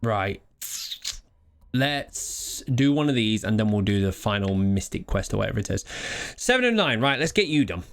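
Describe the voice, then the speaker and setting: A man's voice: on the low side, big pitch swings, normal speed. A man streaming a game live, chatting casually with rambling asides and a bit of swearing.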